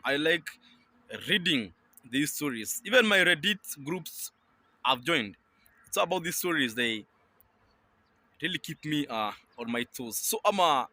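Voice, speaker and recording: A man's voice: on the high side, bright, forceful tone, dry recording. A man hosting a compilation channel, telling a story hesitantly with many ums and filler phrases. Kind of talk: casual storytelling.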